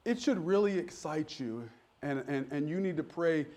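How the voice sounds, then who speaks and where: A man's voice: fairly high pitch, animated, normal speed, a little mellow. A middle-aged man preaching a sermon as pastor, folksy and joking, building to emphatic preaching. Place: church.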